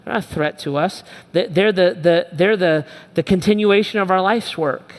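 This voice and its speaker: A man's voice: high voice, normal speed. Emphatic male pastor in an echoey church hall. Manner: conversational, emphatic, repeats phrases. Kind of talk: sermon. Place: church auditorium.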